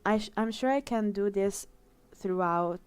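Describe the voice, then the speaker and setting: A young adult woman livestreaming her drawing, talking in a heartfelt, emotional way with many pauses and fillers. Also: medium pitch, clean tone. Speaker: art streamer. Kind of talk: casual live-stream chat while drawing.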